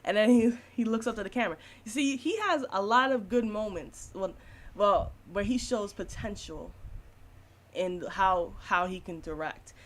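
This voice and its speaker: A woman's voice: mid-range voice, moderate pace. Blunt, foul-mouthed woman reviewing a film. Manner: blunt, swears freely, laughs often. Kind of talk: casual spoken film review.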